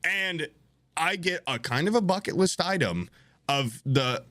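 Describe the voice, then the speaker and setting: A man's voice: on the high side, a little slow, no echo. A young man telling a comedic story on a podcast, swearing casually and acting out the voices of the people in it. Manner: animated, swears often, acts out quoted voices.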